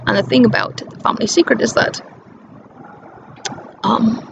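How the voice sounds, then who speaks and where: A woman vlogger telling a rambling personal story, halting and breaking into nervous laughter. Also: on the high side. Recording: muffled lo-fi with clear background noise.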